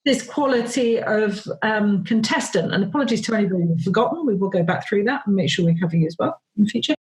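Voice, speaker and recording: A woman's voice: mid-range voice, expressive, quick pace, poor audio. A woman hosting a podcast interview in a chatty, rambling way, with fillers and frequent laughter. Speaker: podcast host. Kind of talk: casual podcast chat.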